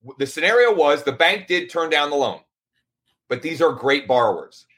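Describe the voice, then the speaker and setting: A man's voice: a little high, sing-song, moderate pace, fairly bright tone. A man hosting a casual live show, talking in a loose, rambling way with frequent restarts. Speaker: host.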